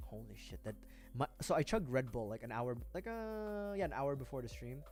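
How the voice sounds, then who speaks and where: Swearing often and muttering to himself, a man puts together a model kit on a livestream full of casual, rambling chat. His mid-range voice is darkish, with lively intonation at normal speed, and faint music sits in the background.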